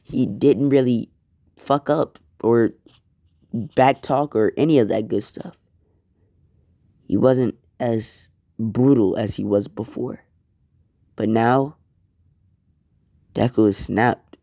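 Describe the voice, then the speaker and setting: Man, casual fan storyteller, rambling, mellow dark voice, slow pace. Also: medium pitch, no room sound, clean studio sound. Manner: laid-back, rambling, with swearing.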